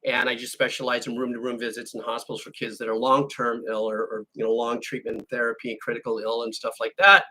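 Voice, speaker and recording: Bright-voiced man, rambling chat. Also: medium pitch, level tone, brisk, hardly any pauses. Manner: rambling storyteller who restarts and corrects himself. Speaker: music channel host. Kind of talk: casual chat answering viewer questions.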